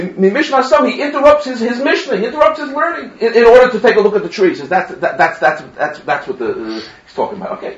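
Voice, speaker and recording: High-voiced man teaching a religious class. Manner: animated storytelling with stammered restarts. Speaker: Torah teacher. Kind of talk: religious lecture with anecdotes. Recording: roomy, distant, dull lo-fi.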